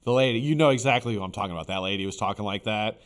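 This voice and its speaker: Hosting a live stream, a man chats casually in a rambling, blunt way, full of fillers and some swearing. His voice is on the low side and he races through his words.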